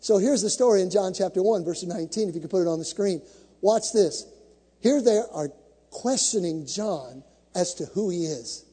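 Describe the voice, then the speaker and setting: High-voiced preacher in a reverberant hall. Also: male voice, normal speed, dark tone, breathy edge. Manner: dramatic build-ups, acts out scripture quotes. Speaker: pastor. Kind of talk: sermon.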